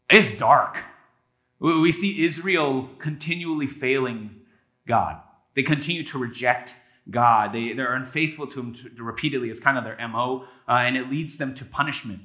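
A man preaches in a conversational style, his voice bright and forward, and it rings around an echoey church room. He talks to the congregation like friends and slips into playful voices for the people in his stories. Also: mid-range voice. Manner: conversational, animated, acts out quotes with a raised voice. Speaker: pastor. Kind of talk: sermon.

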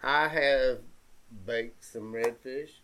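Guy telling a long rambling fishing-trip-type story, easygoing, normal pitch. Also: takes it slowly, sharp tone, low-quality recording. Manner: rambling storyteller, acts out others' speech. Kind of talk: casual chat.

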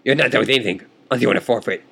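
A man's voice: mid-range voice, rapid-fire, gravelly, fairly bright tone, breathy edge. A man voicing a stubborn male chess player who grumbles and refuses to admit defeat. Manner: grumbling, dismissive.

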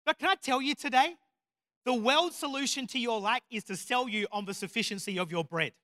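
A man's voice: very high voice, brisk, bright, forceful tone, no room sound, studio quality. A man preaching a sermon, telling stories with self-deprecating humor and building to emphatic, repeated declarations. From Australia.

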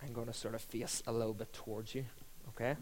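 Jokey host in a hall. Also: male voice, mid-range voice, little pitch movement, quick pace, background noise. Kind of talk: hosting a panel Q and A. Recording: long reverb of a hall.

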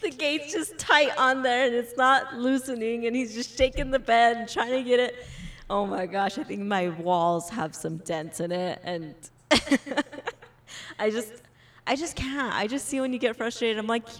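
A woman's voice: on the high side, moderate pace, a bit bright. Young woman co-host, casual and giggly, laughs through her stories. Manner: giggly, laughs often while talking. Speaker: podcast co-host. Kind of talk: casual chat.

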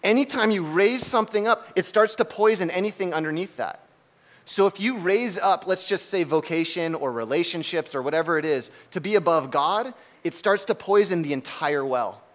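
A young man preaching in a relaxed, chatty way, his voice sitting somewhat high for a man. He tells the story with animated energy, shouting out lines as he acts them. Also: moderate pace. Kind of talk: casual sermon storytelling.

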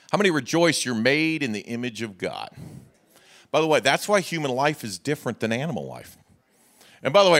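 Lively bright-voiced pastor. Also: male voice, on the high side. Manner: rhetorical "how many believe" questions, folksy humor. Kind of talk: sermon.

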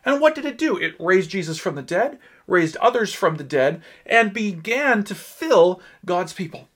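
A male pastor delivering a sermon in an earnest, emphatic way, pausing on key words. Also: sits high, big pitch swings, fairly bright tone.

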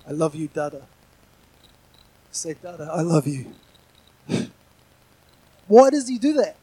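A man's voice: high voice, a little mellow, slightly rough, low-quality recording. A middle-aged man preaching a sermon in a conversational, earnest way, often restarting his sentences and adding asides.

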